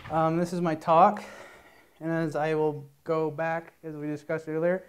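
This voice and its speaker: In a conference room, a man with a high, darkish, clear and resonant voice opens his talk. Before starting his presentation, he playfully tells a long, rambling joke story.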